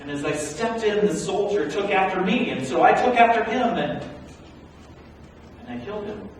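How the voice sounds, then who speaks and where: A male pastor preaching a sermon as a first-person Bible story, animated and swinging from hushed to loud. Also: high-pitched, normal speed, slight background noise. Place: large church sanctuary. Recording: echoey hall, recorded from far off.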